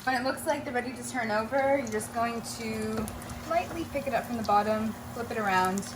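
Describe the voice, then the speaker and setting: Young female co-host, upbeat, casual cooking demo, slightly high voice, faint noise behind. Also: a little fast. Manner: upbeat, talks straight to viewers. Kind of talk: casual cooking demonstration and chat.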